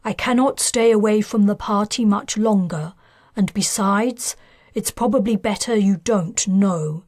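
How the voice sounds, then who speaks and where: Woman narrator plays a firm, controlled man striking a deal; slow and deliberate. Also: high voice, no echo, studio quality. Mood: bargaining. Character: guarded, bargaining upper-class man.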